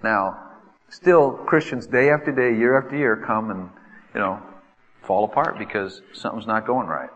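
A man preaching a sermon, acting out desperate pleas in a lively way. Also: normal speed, highs cut off. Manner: animated, acts out pleas with rising pitch. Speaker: pastor. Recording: reverberant hall.

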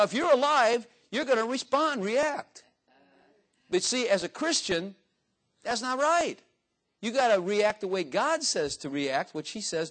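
A man's voice: high voice, a bit bright. An older man preaching a sermon in a folksy, joking way, acting out little dialogues in different voices. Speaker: pastor.

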